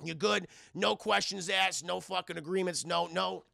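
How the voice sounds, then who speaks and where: A man voicing a shifty male penguin street hustler who pushes his wares with fast, swearing sales patter. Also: high voice, steady tone, gravelly, pushed and bright, no echo, heavily acted. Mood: wheedling.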